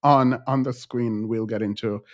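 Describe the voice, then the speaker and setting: A man's voice: medium pitch, fairly even intonation, unhurried, no room sound, clean studio sound. A man hosting casual online commentary, ranting in an exasperated, annoyed way. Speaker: commentary host.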